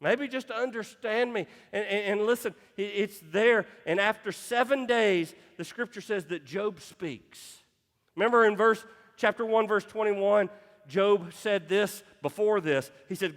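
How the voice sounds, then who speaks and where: A man's voice: sits high, a little slow, a bit bright, long reverb tail. A man pastor preaching a sermon with passion, stumbling into restarts as he drives each point home. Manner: impassioned preaching with repeated restarts. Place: church sanctuary.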